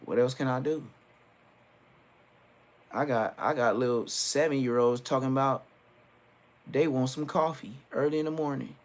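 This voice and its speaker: Brief: middle-aged man, livestream host, joking storyteller, mid-pitched. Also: fairly even intonation, normal speed, pauses often. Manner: joking, storytelling with acted-out quotes. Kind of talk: casual livestream rant.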